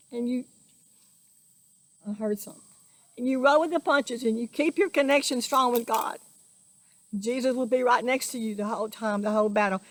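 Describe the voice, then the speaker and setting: A woman's voice: fairly high pitch, no echo. A woman giving an earnest, emotional spiritual monologue, preaching and repeating herself. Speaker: spiritual vlogger.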